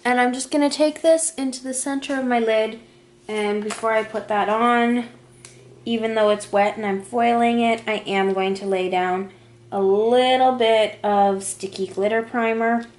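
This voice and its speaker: A woman with a slightly high voice narrates her makeup tutorial in a relaxed, chatty way, talking through every step as she works. Her voice bounces around a roomy, echoey space. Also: measured pace. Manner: chatty, talks through each step while applying makeup. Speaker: beauty vlogger. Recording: echoey room.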